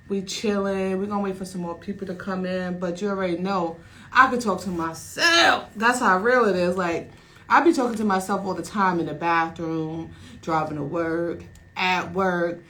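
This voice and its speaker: Loud lively radio host woman. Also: lowish voice, rough recording. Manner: loud, lively, slangy hype talk. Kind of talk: casual radio chat.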